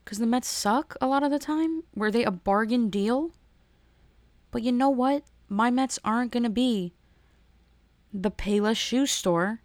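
A woman, ranting in a sarcastic, animated monologue that jumps between topics. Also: fairly high pitch, a little slow, dry recording.

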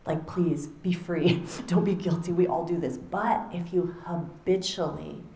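Animated woman speaker in an echoey hall. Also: on the low side. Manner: animated, acting out little quoted exchanges. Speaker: author and speaker. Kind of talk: conversational talk to an audience. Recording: roomy echo.

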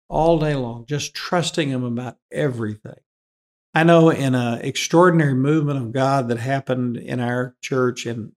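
Gravelly-voiced man preaching earnestly. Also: mid-range voice. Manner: earnest, emphatic, repeats key phrases. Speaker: pastor. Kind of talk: preaching Bible teaching.

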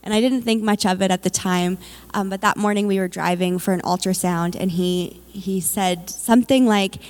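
A woman's voice: mid-range voice, steady tone, moderate pace, a little mellow. A woman, a mother, tells her personal faith testimony candidly, with plenty of fillers. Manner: candid storytelling with many fillers.

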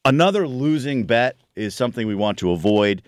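A man's voice: mid-range voice, lively intonation, brisk, no echo, clean studio sound. A man hosting a sports podcast in casual chat, joking and laughing often. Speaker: podcast host.

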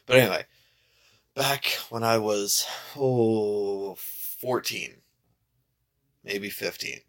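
Young male podcast co-host, casual and profane, gravelly. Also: steady tone, drawn-out words, a bit bright. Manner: laid-back, swears a lot, laughs often, acts out quotes in higher voices.

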